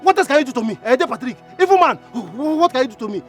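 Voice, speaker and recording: An actor with a Nigerian accent playing an angry, grieving younger brother who shouts, stammers and keeps repeating himself. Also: male voice, very high voice, expressive, rapid-fire, faint music behind. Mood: raging. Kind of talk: Nollywood film acting.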